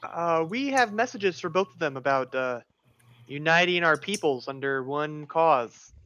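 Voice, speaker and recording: A man's voice: on the high side, animated, a little slow, pushed and bright, no echo. A man playing a tabletop game, chatty and laughing often as he plays. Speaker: player. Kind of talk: casual tabletop role-play. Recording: dull lo-fi sound.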